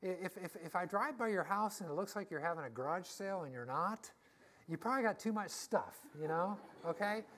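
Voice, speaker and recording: A middle-aged woman preaching in an easygoing, folksy way. Her voice sits a little low, and she tells stories, repeats her phrases and laughs easily as she talks to her congregation. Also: lively intonation, a little fast, a bit bright. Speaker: pastor. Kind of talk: casual conversational sermon.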